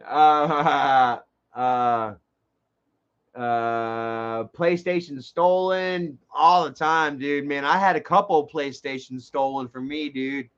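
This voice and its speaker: A man's voice: mid-range voice, takes it slowly, smooth. A man telling rambling, profane stories on a casual livestream. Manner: rambling, profane, animated storytelling. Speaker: livestream host. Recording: dull lo-fi stream audio.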